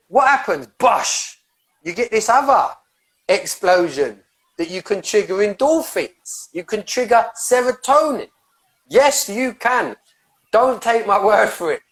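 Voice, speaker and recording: A man's voice: high voice, a bit bright. A man working as a soul coach talks on a podcast with fiery, emphatic passion. He curses freely and rambles, tripping over restarts and repeated words as he pushes his point. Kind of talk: podcast conversation about breathwork.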